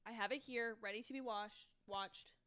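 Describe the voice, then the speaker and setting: A woman's voice: fairly high pitch, steady tone, moderate pace, sharp tone. A young woman hosting a casual livestream from home, chatting in a self-deprecating way and often trailing off mid-thought. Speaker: livestream host. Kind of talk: casual live watch-along commentary.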